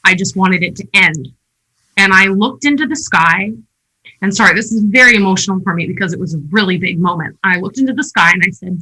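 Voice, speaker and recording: Woman, podcast guest, bright tone, husky edge, emphatic, candid. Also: medium pitch, brisk, rough recording. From Canada. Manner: emphatic, frequent "like" fillers, candid. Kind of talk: personal story in conversation.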